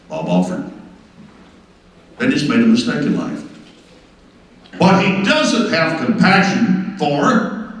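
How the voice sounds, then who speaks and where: A man giving a folksy, emphatic tribute speech full of stories. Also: lowish voice. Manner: emphatic, down-home storyteller. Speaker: speaker at a tribute event. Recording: echoey hall from far off.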